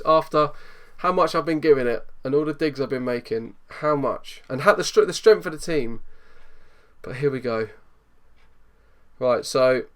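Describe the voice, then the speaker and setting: A man giving excitable live commentary over a football management game, swinging from low muttering to loud outbursts. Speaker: gaming YouTuber.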